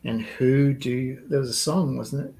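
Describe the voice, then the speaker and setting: A man's voice: medium pitch, normal speed, mellow, poor audio. A man leading a group discussion, explaining ideas in a reflective way and laughing easily. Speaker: workshop leader.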